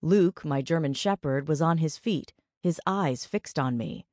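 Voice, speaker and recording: A woman with a low voice reads an audiobook in a measured, steady way. The sound is dry and close, with no room in it. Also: no echo. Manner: measured, even storytelling. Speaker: audiobook narrator. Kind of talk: scripted narration.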